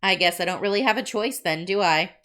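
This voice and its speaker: A woman voicing a sweetly menacing teenage girl who is a club president, in a let's play game reading, sugary and calm with a threatening edge. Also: mid-range voice, brisk, natural voice. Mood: sinister.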